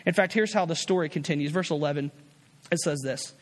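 A man's voice: fairly high pitch, brisk, big-room sound. A man preaching a sermon as a pastor, earnest and repetitive, often restarting his phrases.

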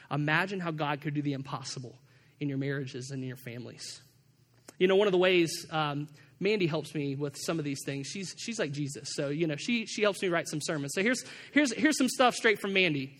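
High-voiced conversational man preaching. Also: a bit bright. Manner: conversational, repeats words and restarts. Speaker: pastor. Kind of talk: sermon.

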